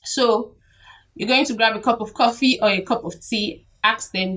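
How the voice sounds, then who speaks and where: A young woman with a Nigerian accent, talking to camera in a chatty, animated way and laughing often. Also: medium pitch, moderate pace, creaky, far from the mic. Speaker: vlogger. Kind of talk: casual talk to camera.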